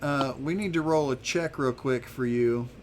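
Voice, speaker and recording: A man running a tabletop game as game master, narrating in a relaxed, rambling way with many restarts. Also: mid-range voice, moderate pace, slight background noise.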